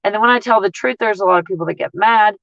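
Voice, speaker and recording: A woman, ranting in a casual livestream as a couponing vlogger, blunt, profane and animated as she tells stories. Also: mid-range voice, very fast, dry recording, dull audio.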